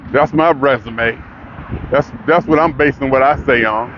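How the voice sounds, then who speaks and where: A man's voice: mid-range voice, moderate pace. Older man, rambling vlog talker who works himself up; dull lo-fi outdoor audio with faint hiss. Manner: rambling, talks himself into excitement. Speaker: vlogger. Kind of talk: casual monologue.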